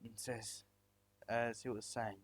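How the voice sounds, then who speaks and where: A man's voice: medium pitch, little pitch movement, takes it slowly, husky, soft background music. A man narrating a fan-made story, rambling with many fillers and restarts.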